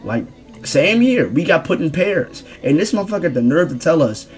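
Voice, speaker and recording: A young man telling a profane, slangy story about his school days, jumping from loud exclamations to low mumbled asides. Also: sing-song, moderate pace, faint music behind. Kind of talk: casual storytime rant.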